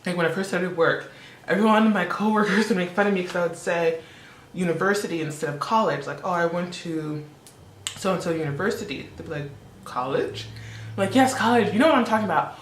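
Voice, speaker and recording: A woman's voice: fairly low pitch, fairly quick, reverberant, slight background noise. A woman in her twenties, born in Congo and raised in Canada, chatting casually and laughing often as she does her makeup. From born in the Democratic Republic of Congo, raised in Canada. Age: 20s. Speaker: beauty vlogger. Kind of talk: casual chat while doing makeup.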